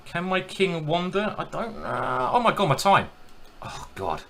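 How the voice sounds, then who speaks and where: A man commenting live on his own blitz chess games and joking with his chat in an animated, self-mocking way. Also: sits high, measured pace, gravelly, slight background noise. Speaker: chess streamer.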